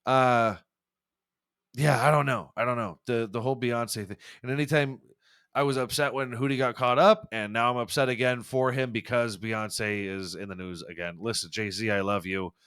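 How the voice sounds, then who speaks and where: A man's voice: mid-range voice, steady tone, normal speed, a bit bright, clear, resonant tone, no echo, studio quality. Rambling, profane young man ranting on a podcast. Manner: rambling, profane, stumbling restarts, laughs at own jokes. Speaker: podcast host. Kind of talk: casual podcast rant.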